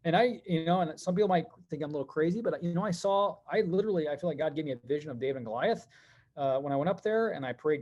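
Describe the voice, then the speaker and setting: A middle-aged man telling stories as a podcast guest, animated and quick, with many fillers. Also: a little high, highs cut off. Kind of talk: conversational podcast interview.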